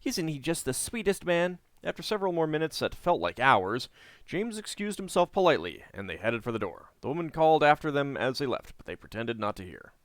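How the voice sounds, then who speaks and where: A man's voice: mid-range voice, brisk, dry recording. Man reading game text, dry close sound. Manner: relaxed, chatty asides. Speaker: gameplay host and narrator.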